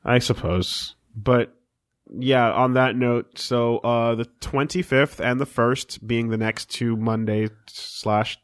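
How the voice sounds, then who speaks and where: A young man rambles through casual podcast banter, stumbling over fillers and restarts and swearing as he goes. His voice sits at an ordinary pitch, neither high nor low. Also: fairly even intonation, takes it slowly, clean tone. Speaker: podcast co-host. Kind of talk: casual chat.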